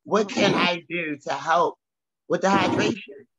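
A woman's voice: on the low side, measured pace, fairly bright tone, husky, rough recording. A woman on a video call asking direct, chatty questions in a casual way. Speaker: caller on a group call.

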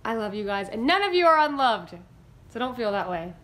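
A woman's voice: on the high side, big pitch swings, fairly quick, a bit bright. A young woman talking earnestly to her camera in a vlog, encouraging and a little rambling. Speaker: singer-songwriter vlogger. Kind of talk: heartfelt direct-to-camera vlog talk. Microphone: camera mic, talking to camera.

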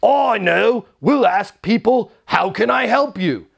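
Guy doing a raised-pitch scheming old-time musket shopkeeper, hammy, sounds off from his usual tone. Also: expressive, slow, gravelly, husky, full character voice.

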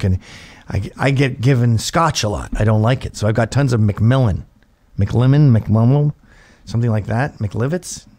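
A middle-aged man hosts a show, telling a rambling comic story in a loose, profane way. His pitch swings widely as he talks, and he now and then jumps into a high squeal to mimic someone. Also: mellow. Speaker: show host. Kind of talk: casual comedic storytelling.

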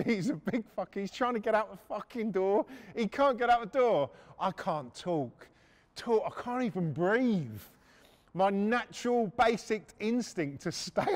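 Man, high voice, very lively pitch, crude animated storytelling, podcast host. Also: a little slow. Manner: animated and crude, acting out moments with gasps and shouts. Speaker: podcast host telling stories. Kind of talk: casual storytelling.

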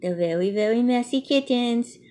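A woman's voice: fairly high pitch, moderate pace, dark tone, slight background noise, close to an everyday voice. A woman voicing a cute, chatty little male mouse who reads a picture book aloud in a childlike, playful way with broken grammar. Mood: cheerful. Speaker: storybook reader.

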